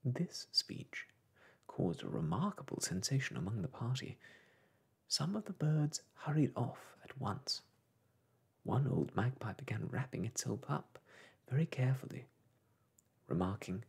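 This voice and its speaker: A man reading a classic story aloud in a soft, gentle storytelling voice. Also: medium pitch, sing-song, measured pace, gravelly, pauses often, husky.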